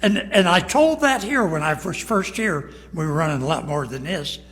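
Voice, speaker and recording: A high-pitched older male pastor delivers a storytelling sermon in a plain, folksy way, slipping into the voices of the people in his stories. His words ring out with a long reverb from the church sanctuary around him. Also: animated, moderate pace, fairly bright tone. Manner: folksy, plain-spoken, acts out dialogue in stories.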